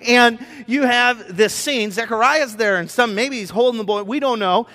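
A male pastor preaching a casual, animated sermon, acting out quotes, with fillers and restarts. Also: extremely high pitch, normal speed, long reverb tail. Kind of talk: conversational sermon.

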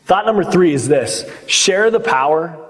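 A man's voice: on the high side, animated, measured pace. Man preaching in a reverberant hall. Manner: conversational, acts out quotes in the story. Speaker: pastor. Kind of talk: sermon.

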